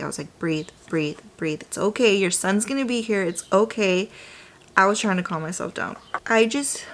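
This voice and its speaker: A young woman vlogger chatting while doing her makeup, telling a birth story in an animated, casual way, dropping to a whisper at times. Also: medium pitch. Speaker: beauty vlogger. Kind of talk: chatty get-ready-with-me storytelling.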